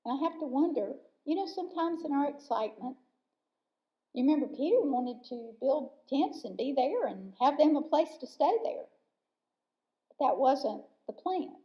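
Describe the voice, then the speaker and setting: A woman preaching a sermon in a church, earnest and emphatic, slowing down to stress key words. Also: high-pitched. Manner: earnest, slow and emphatic with pauses. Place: church sanctuary. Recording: dull lo-fi church recording.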